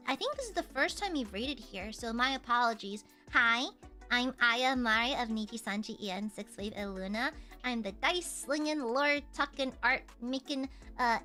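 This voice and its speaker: A woman streamer chatting casually and playfully with her chat, a slight Southern accent, and a lingering cough. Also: high voice. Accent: slight American Southern. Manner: playful, teasing, bursts into shouting.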